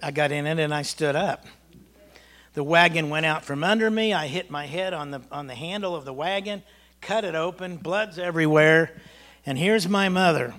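Brief: male pastor, fairly high and bright, folksy storyteller in a church service. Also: moderate pace. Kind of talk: personal remembrance in a church service.

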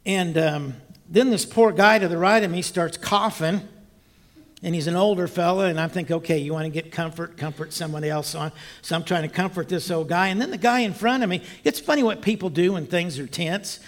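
A man preaching, telling a personal story in a lively, animated way with loud bursts and quiet asides. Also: sits high, a little fast. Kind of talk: storytelling sermon.

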